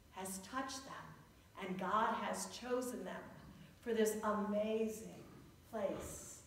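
This woman pastor has a medium-pitched voice with vocal fry. Preaching in a church sanctuary, she tells stories with humor and leans into drawn-out, emphatic phrases, captured from a distance with a church echo.

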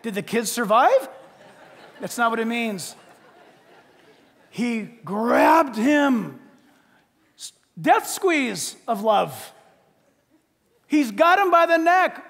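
Animated high-voiced pastor preaching. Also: male voice, slow pace, long pauses, in a large hall. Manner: animated storyteller, swinging from loud to hushed. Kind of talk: sermon.

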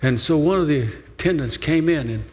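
An older male pastor preaches in a fairly high voice, his earnest storytelling and pleading ringing through a large sanctuary. Long reverb trails every phrase, and he leans hard into his appeals to the congregation. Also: moderate pace. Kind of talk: sermon. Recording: long church hall reverb.

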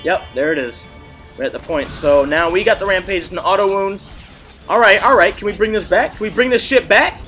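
A man streaming an online game, giving excited, profane play-by-play commentary and trash-talking the enemy team from his desk mic. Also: high voice, a little fast, soft background music. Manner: trash-talking, profane, hyped, swings between mutters and shouts. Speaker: gameplay streamer. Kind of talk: excited live gameplay commentary. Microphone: desk mic at a gaming setup.

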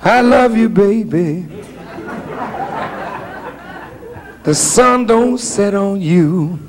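A man voicing a syrupy lover who croons slow, drawn-out pleas to a woman. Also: high voice, expressive, crowd noise. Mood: crooning.

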